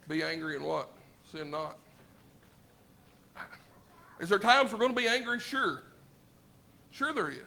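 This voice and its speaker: A man with a Southern US accent preaching a sermon in a church, talking conversationally with rhetorical questions, swinging from loud emphasis to low, quiet asides. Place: church sanctuary.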